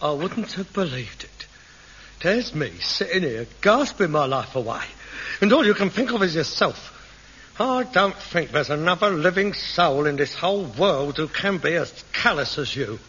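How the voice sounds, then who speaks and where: An actor playing a melodramatic, hypochondriac grown son, pompous and whining in a 1960s sitcom. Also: male voice, high-pitched, sing-song, moderate pace, sharp tone, slightly rough, heavily acted. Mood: wounded. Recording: dull old television recording.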